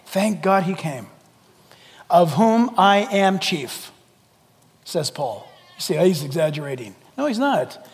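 A high-pitched male pastor preaching in a church, his voice carrying a long reverb through the sanctuary. He swings from booming emphasis to soft, hushed asides and playfully acts out the voices he quotes. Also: very animated, takes it slowly, long pauses. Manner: dramatic, swings from loud to hushed. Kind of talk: sermon.

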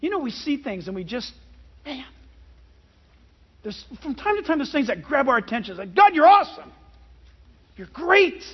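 Preaching at a moderate pace with long pauses, this pastor has a husky, unusually high-pitched voice. He's emphatic and animated, relying on rhetorical questions, in a dull, lo-fi recording.

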